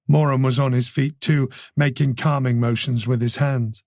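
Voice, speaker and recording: A man narrating a thriller audiobook in a taut, measured way. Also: mid-range voice, fairly even intonation, darkish tone, no echo, clean studio sound.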